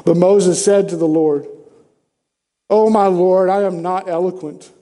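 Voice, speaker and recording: A man with a high yet mellow voice preaches a sermon, talking it through conversationally and firing off rhetorical questions. His words ring out with a long reverb, as in a large church hall. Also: steady tone, unhurried.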